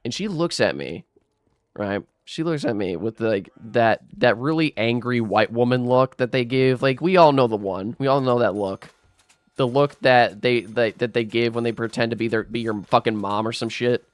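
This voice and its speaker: A man's voice: medium pitch, moderate pace, no room sound. A young man telling a rambling, aggrieved storytime rant while gaming, swearing and restarting his sentences often. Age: young adult. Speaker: gaming vlogger.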